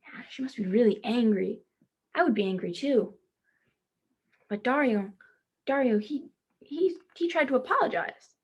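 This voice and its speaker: Husky woman reading a picture book aloud. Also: a little high, lively intonation, unhurried, pauses often, lo-fi sound. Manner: gentle, asks the listeners questions; speaks to children as "friends". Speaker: teacher reading aloud to children. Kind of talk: children's read-aloud.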